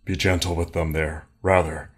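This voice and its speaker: A man's voice: low voice, flat delivery, normal speed. A man playing a lonely older landlord in an improv comedy scene, hesitant and sentimental. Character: lonely older male landlord with foot warts.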